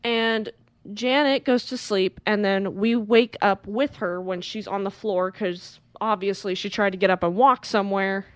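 A woman co-hosting a podcast, retelling a movie in lively casual chat and acting out the characters. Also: mid-range voice, unhurried, no room sound. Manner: animated retelling, acts out characters, swears freely. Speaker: podcast co-host. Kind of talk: casual film recap.

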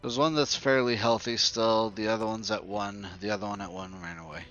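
A man running a tabletop game as dungeon master, narrating scenes and ruling on rolls in a relaxed, unhurried way. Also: on the low side, muffled recording, soft background music.

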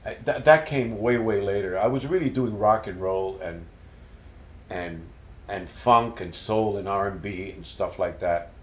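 An older man being interviewed as a musician, telling stories in an animated way and repeating words as he recalls them. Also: lowish voice, unhurried. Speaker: guest musician. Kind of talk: casual storytelling interview. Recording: roomy echo.

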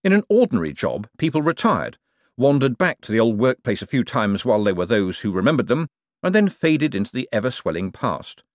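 A man reading an audiobook aloud in scripted narration, lively and expressive. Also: mid-range voice, brisk, dry recording, studio quality.

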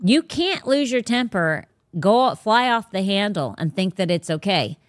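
A woman's voice: mid-range voice, big pitch swings, unhurried, no echo. Emphatic woman host, casual faith talk, dry close sound. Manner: blunt, emphatic, preachy. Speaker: podcast host.

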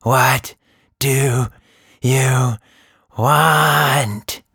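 A shrill, booming magical blob monster. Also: male voice, steady tone, drawn-out words, pushed and bright, breathy edge, dry recording, studio quality, full character voice. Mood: fierce. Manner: theatrical, booming ringmaster.

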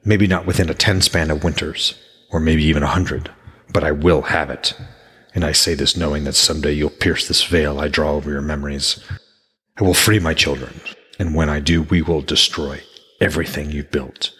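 A man's voice: extremely low pitch, fairly even intonation, normal speed, fairly bright tone, slightly rough, long reverb tail, voice pushed down, exaggerated voice. A man voicing a bitter, vengeful male trickster god who speaks in menacing accusations from a storybook. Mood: bitter, threatening.

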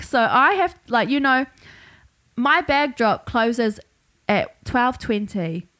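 A woman's voice: a little high, a bit bright. A young woman with a New Zealand accent hosting her own podcast, telling a story in a chatty, laugh-filled way with plenty of swearing. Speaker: podcast host. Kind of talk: casual storytelling monologue.

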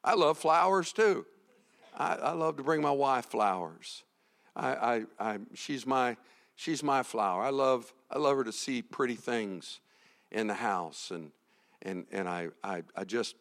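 A middle-aged man preaching a sermon as a pastor. He swings from hushed to loud, often repeating and restarting his words. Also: medium pitch, expressive, measured pace, creaky, big-room sound.

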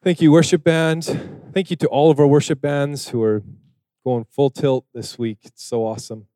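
A man's voice: a little high, steady tone, moderate pace, warm tone, dry recording, clean studio sound. A man hosting a church worship service, thanking the worship band in an upbeat, grateful way. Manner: upbeat, thankful emcee patter. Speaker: service host.

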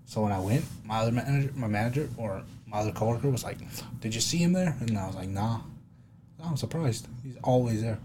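A young man co-hosting a casual football podcast, trading crude banter and bursting into loud mock yells. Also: on the low side, fast, noisy background. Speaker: podcast co-host. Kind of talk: casual chat.

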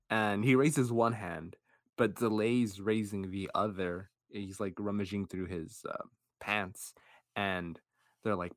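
A man co-hosting a casual movie podcast, talking in a relaxed way and chuckling as he recounts scenes. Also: on the low side, a little slow, dry recording, clean studio sound. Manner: relaxed, chuckling, uses many fillers. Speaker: podcast co-host. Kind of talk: casual movie review chat.

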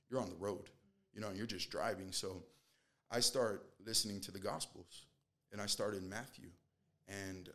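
Male guest, testimony, casual and earnest, rambling with fillers, voice sits a bit low. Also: a bit bright. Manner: rambling, earnest, fills with "you know"; acts out quoted dialogue. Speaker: guest sharing a faith testimony.

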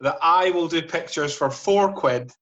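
A man's voice: a little high, unhurried, a bit bright, muffled recording. A man playing his character in a tabletop game, cheeky and boastful. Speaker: player. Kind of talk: in-character tabletop role-play.

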